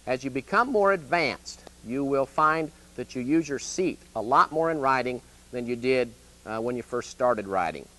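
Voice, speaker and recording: A man's voice: medium pitch, fairly bright tone. A man with a Midwestern US accent, an extension educator giving a plain-spoken, folksy horse training lesson, often checking in with "okay?".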